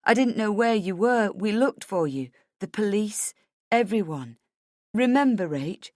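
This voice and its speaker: A woman voicing a frightened young husband close to tears, speaking in a soft, halting, pleading way. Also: medium pitch, lively intonation, dry recording, pitched above the performer's own voice, close to an everyday voice. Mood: distressed.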